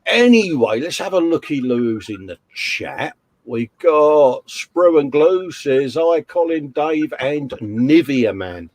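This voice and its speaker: A livestream host with a voice on the high side, very animated yet slow and darkish in tone, chats and reads out comments. He's jokey and rambling, leaning heavily on "uh" and "mate."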